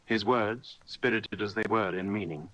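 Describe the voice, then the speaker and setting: Male audiobook narrator, fairly low voice, measured and steady. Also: rough recording. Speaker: audiobook reader. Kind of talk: scripted narration.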